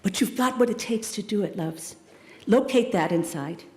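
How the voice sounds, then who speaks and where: A middle-aged woman delivers a commencement speech from a podium. Her voice sits at an ordinary pitch, and her delivery is animated and emphatic, full of affectionate asides to the graduates. The sound rings through a large, echoey hall with a long reverb tail. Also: normal speed. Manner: warm, emphatic, addresses graduates as "loves" and "darlings". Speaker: commencement speaker. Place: large hall at a school ceremony.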